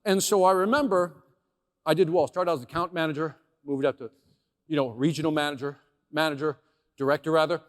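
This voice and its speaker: A man from Chicago giving a dramatic storytelling keynote as a motivational sales speaker, animated, swinging between hushed and loud, talking straight to the audience. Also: a little high, fairly quick. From Chicago, USA. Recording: long hall reverb.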